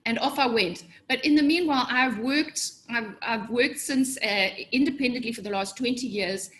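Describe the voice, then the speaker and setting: Animated middle-aged woman coaching a webinar. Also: moderate pace, slight background noise. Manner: animated, acts out inner voices with sudden pitch jumps. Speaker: business coach. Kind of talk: motivational webinar presentation.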